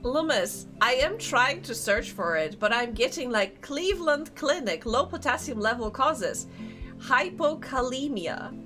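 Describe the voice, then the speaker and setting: A young woman streaming a game live, chatting casually, excitable and often laughing. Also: sits high, a little slow, soft background music.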